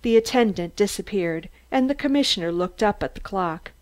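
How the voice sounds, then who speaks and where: Narrator: woman, mid pitch, calm even audiobook reading. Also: moderate pace. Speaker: audiobook reader.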